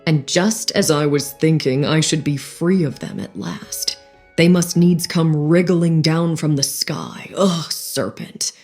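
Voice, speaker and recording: A woman voicing a fretful, suspicious female pigeon with a shrill, indignant manner in a storybook reading. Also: unhurried, a little mellow, soft background music. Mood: aggrieved.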